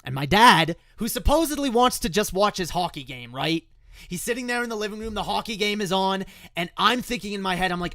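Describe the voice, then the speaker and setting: A man's voice: sits high, lively intonation, brisk, bright, forceful tone, dry recording, studio quality. A young man telling a painful personal story in a raw, emotional way, swearing often and stumbling over restarts. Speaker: musician telling the story behind a song.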